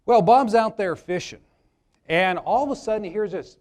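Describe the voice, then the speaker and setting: A man's voice: high-pitched, expressive, normal speed, darkish tone. A man, an attorney, giving a live workshop talk to an audience, chatty and joking as he tells stories. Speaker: attorney presenting a seminar.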